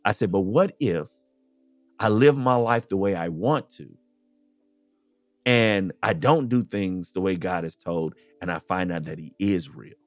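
A man's voice: sits low, expressive, measured pace, no room sound, soft background music. A man from the United States, a podcast guest, speaking in a casual, earnest conversational way and often saying "you know".

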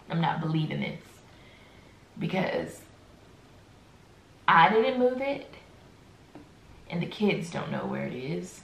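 A woman telling a casual storytime to her viewers, animated and slangy, speaking straight to the camera. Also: fairly low pitch, creaky, echoey room, rough recording.

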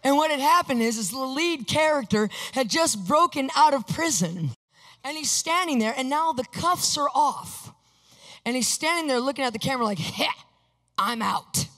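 Female preacher, animated storyteller, slightly high voice, big reverberant hall. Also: normal speed. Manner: animated, acts out her own reactions. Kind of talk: sermon telling a personal story.

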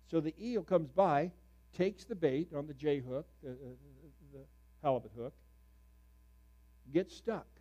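A middle-aged man preaching a sermon as a pastor, telling stories with sudden loud, animated bursts. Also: on the high side, unhurried, long pauses, muffled recording.

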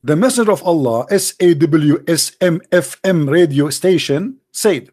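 A man's voice: fairly high pitch, expressive, unhurried, hardly any pauses, darkish tone. A man giving mocking commentary, sarcastic and mock-incredulous. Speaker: debater hosting a call-in style talk.

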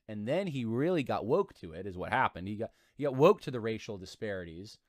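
Guy reading an article and ranting about it, pitch jumps all over, dry close mic. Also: no echo. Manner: animated, emphatic, repeats himself. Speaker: commentary channel host.

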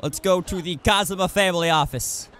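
A man's voice: high-pitched, brisk, a bit bright. A man giving casual commentary while streaming a video game, rambling and often restarting his sentences. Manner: rambling, self-correcting with many restarts.

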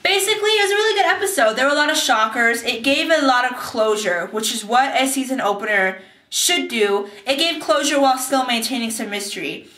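A woman's voice: high voice, animated, fairly quick, bright, forceful tone, reverberant, recorded from a distance. A young woman recapping a TV episode in a casual vlog, bubbly and acting out scenes in silly voices. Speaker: TV recap vlogger. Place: bathtub.

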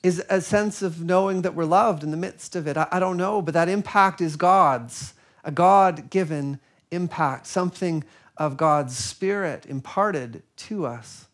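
A man giving a sermon, telling a personal story in an earnest, reflective way with soft pauses. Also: a little high. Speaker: preacher.

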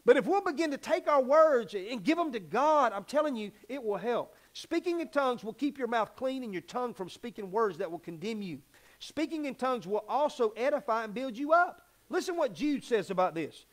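A pastor preaching a folksy, animated sermon that acts out little scenes. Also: male voice, very high-pitched, a little fast.

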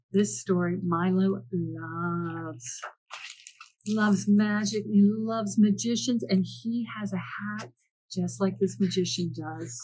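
Librarian, woman, storytime reader, gentle and playful, husky tone. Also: medium pitch, rough recording. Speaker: children's librarian. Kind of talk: reading picture books aloud.

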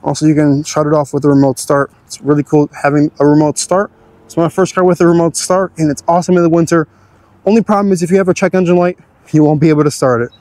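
A man's voice: a little high, steady tone, fast talker, a little mellow, no echo. A young man hosting a car channel, giving an easygoing, chatty walkthrough of his car's features.

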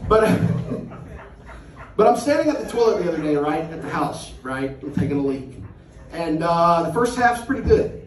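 A man's voice: a little high, sing-song, moderate pace, echoey room, far from the mic, low-quality recording. A man doing a crude stand-up set in a comedy club, acting out an argument with his dog. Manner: crude, acts out voices of his dog and friends. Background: audience laughing.

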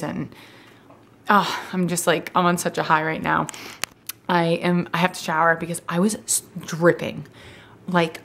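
A woman vlogging at home, chatting to the camera in an excited, rambling way. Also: fairly low pitch, slight background noise. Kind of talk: casual chat to camera.

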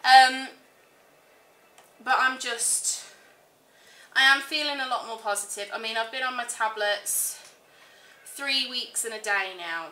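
A woman's voice: on the high side, takes it slowly, long pauses, pushed and bright. A woman chatting casually to camera as a vlogger, gushing and chatty, with frequent fillers. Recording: echoey room.

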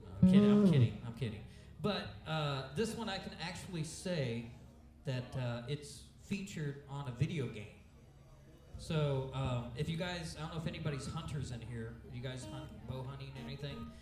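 A man's voice: mid-range voice, normal speed, recorded from a distance. A man from Central Illinois, a rock band frontman, bantering loosely between songs and swearing casually. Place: live music venue. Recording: roomy live stage with loud music.

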